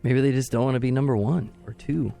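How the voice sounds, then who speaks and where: A man's voice: mid-range voice, fast, vocal fry, dark tone, faint music behind. Dry male co-host reading headlines. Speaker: co-host reading news items. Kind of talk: comedic news chat.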